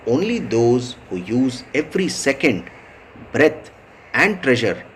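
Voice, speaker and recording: A man with an Indian English accent reading a devotional lesson, slow and measured, repeating key points for emphasis. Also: fairly low pitch, slight background noise, rough recording. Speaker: spiritual teacher reading a daily lesson.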